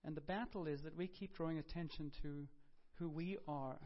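A man's voice: a little high, steady tone, normal speed. Preacher, male, raised voice, chatty storytelling sermon, dull lo-fi recording. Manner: conversational storytelling with self-corrections and humor. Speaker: pastor. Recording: dull lo-fi sound.

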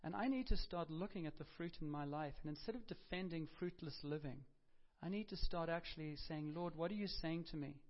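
A male pastor preaches in a fairly high voice, chatting through his stories, stumbling and correcting himself as he goes. The recording is dull and lo-fi. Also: a little fast, few pauses. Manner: conversational storytelling with self-corrections and humor. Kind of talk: sermon. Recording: dull lo-fi sound.

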